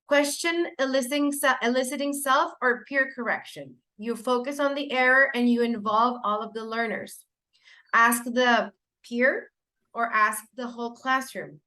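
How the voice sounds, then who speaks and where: Spanish-speaking woman running a teacher training lecture, kinda high voice, lots of ums and self corrections. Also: bright, forceful tone. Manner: explanatory, with fillers and self-corrections.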